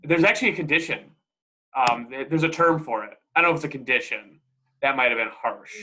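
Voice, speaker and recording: Bright-voiced easygoing young man. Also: mid-range voice, animated, fast. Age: young adult. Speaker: podcast co-host. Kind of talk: casual chat.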